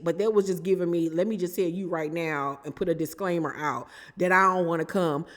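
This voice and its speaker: A sassy, animated woman with recaps reality TV in casual commentary and laughs often. Her voice sits fairly low, and a long reverb trails behind her words. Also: a little fast, hardly any pauses.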